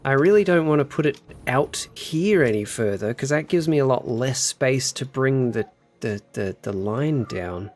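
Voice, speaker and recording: A man's voice: mid-range voice, expressive, moderate pace, darkish tone. A man casually chatting on a gameplay livestream, muttering to himself while building and answering his chat. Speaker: streamer.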